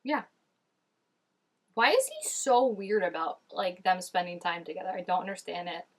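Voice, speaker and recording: Very animated, a woman with a lowish voice reacts to scenes at a normal speed in her reaction video. She's chatty and casual, using "like" frequently.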